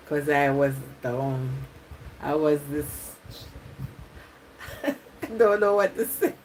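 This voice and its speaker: A woman's voice: on the low side, vocal fry, darkish tone, slight background noise, poor audio. A Jamaican woman chatting with viewers on a live stream, reading comments aloud and laughing often. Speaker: YouTuber.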